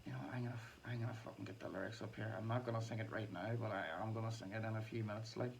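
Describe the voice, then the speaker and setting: A man's voice: lowish voice, steady tone, racing, vocal fry. A man talking in a casual, rambling monologue, swearing a lot, laughing often and trailing off mid-thought. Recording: distant mic with faint ambient noise.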